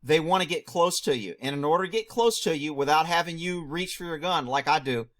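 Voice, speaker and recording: A man reacting to a news clip, firing off rhetorical questions, answering them himself and shouting mocking asides. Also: on the high side, brisk. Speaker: video commentator; former police officer.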